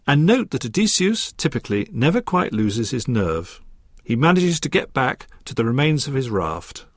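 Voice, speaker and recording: Lively, scholarly male lecturer. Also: mid-range voice, no echo, clean studio sound. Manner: measured, precise and scholarly, with a lively rising and falling delivery. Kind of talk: recorded academic lecture.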